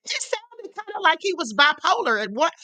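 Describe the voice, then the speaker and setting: A woman's voice: very high voice, very animated, moderate pace, pushed and bright, dry recording. A woman hosting a livestream, giving sassy, emphatic commentary and calling viewers honey. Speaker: livestream host.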